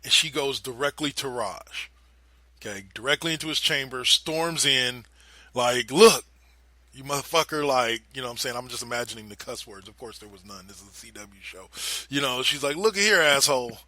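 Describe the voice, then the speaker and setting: A young man co-hosting a podcast, retelling a TV scene in casual, animated chat and swearing freely. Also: mid-range voice, normal speed. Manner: animated storyteller, swears freely, drops into quoted voices. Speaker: podcast co-host.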